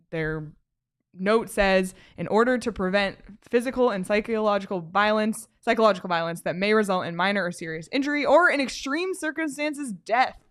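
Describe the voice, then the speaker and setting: A young American woman hosts a sports podcast in a clear, resonant, medium-pitched voice. Upbeat and easygoing, she welcomes listeners, introduces topics and reads her notes aloud.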